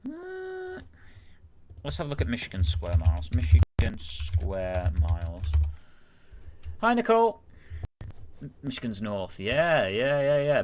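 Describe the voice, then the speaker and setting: A man's voice: mid-range voice, a bit bright. A man with a Greater Manchester accent, chatting casually as a guest on a stream and rambling with many fillers and self-corrections. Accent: Greater Manchester English. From Greater Manchester, England.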